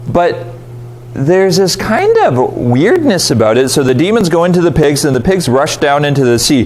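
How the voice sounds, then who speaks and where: A man teaching a Bible study in a relaxed, conversational way. His voice sits a little high and swings widely in pitch, jumping up when he acts out a reaction. He keeps asking his listeners questions. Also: normal speed. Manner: asks the audience rhetorical questions.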